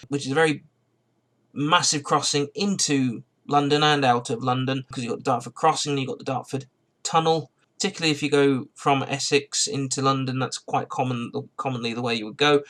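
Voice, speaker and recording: A man's voice: medium pitch, a bit bright. A man who has just got out of bed, telling a rambling, digressive story to camera in a car vlog and often correcting himself. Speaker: car vlogger.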